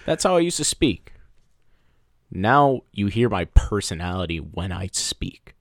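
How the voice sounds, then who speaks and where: A man co-hosting a casual podcast, telling a personal story in an animated way and slipping into playful voices. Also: low voice, a little slow, vocal fry, dry recording, clean studio sound. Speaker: podcast co-host. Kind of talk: casual chat.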